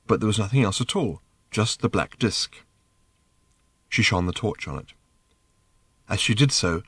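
A man narrating an audiobook in measured, lively storytelling. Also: lowish voice, no room sound. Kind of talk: scripted narration.

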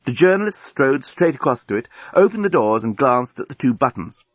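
A man narrating a comic science-fiction story as an audiobook reader, in a dry, even storytelling manner. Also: mid-range voice, a little fast, breathy edge, dry recording. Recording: dull lo-fi recording.

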